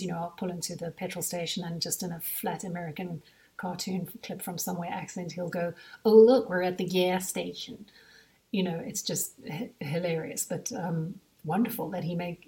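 A South African woman talks through her podcast in a loose, chatty way, wandering into asides as she thinks aloud. Her voice sits fairly low for a woman. She sounds a little set back from the microphone. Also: darkish tone, far from the mic. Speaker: podcast host and mother. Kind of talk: casual podcast monologue.

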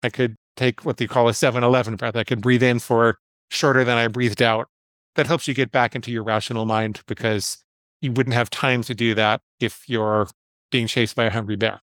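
A man's voice: medium pitch, flat delivery, normal speed, fairly bright tone, no room sound. A man, a psychologist guest, telling a personal story in an interview in a candid, self-deprecating way, acting out the voices in his head.

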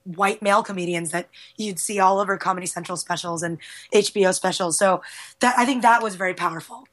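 A woman's voice: mid-range voice, fairly quick. A woman from Queens, New York, chatting as a guest, telling stories candidly with lots of restarts. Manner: candid, animated storytelling with many restarts. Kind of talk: casual chat.

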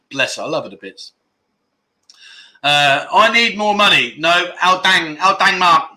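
Bright-voiced London man hosting a chat show. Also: high voice, lively intonation, slow pace. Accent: London English. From London, England. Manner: chatty and jokey, rambling with restarts and laughs. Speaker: livestream chat show host. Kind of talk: casual livestream chat, reading out viewer comments. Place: living in Thailand.

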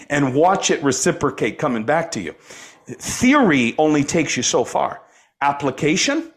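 A man speaking as a guest life coach on a podcast, emphatic and preacher-like, repeating phrases for effect. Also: on the high side. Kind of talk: inspirational podcast talk.

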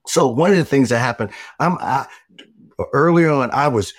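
A middle-aged man talks through a personal story with animated, emphatic energy and a casual habit of swearing. His voice sits at an ordinary middle pitch. The sound is dry and close, with no room around it. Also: normal speed, no echo. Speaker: guest author. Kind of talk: conversational storytelling.

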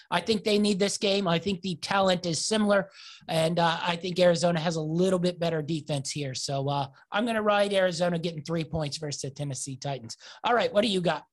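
A man's voice: high voice, a little fast. Upbeat man talking football picks. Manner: filler-heavy, loose and upbeat. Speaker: podcast co-host. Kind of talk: casual sports betting chat.

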